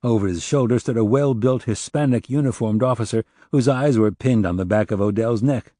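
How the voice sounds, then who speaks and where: A man reading a mystery audiobook in a measured, even narration, recorded close on a studio mic. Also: medium pitch, dry recording. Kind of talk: scripted narration.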